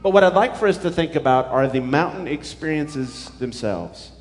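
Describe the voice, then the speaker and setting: A man's voice: fairly high pitch, animated, normal speed, long reverb tail. A man as pastor, preaching a sermon and reading scripture aloud in an earnest, emphatic way.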